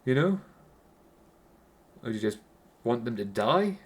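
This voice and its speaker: A man's voice: mid-range voice, very animated, a little slow, breathy edge. A man with a Geordie accent giving a casual, rambling film review, swearing constantly and restarting his sentences.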